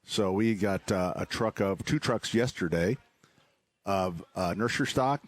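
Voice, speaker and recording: A man with a lowish voice chats loosely on live radio, trailing off and circling back as he jokes. He talks like a store owner plugging his garden center, teasing himself as he goes. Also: a little slow, dry recording. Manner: joking, rambling, self-mocking. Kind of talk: casual radio chat.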